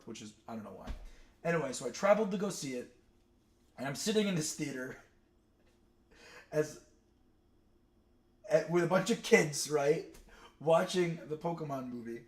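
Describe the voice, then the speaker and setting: Rambling young man chatting on a stream. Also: a little high. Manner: rambling, digressive storytelling with many fillers. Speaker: streamer ranking cartoon characters. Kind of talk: casual chat.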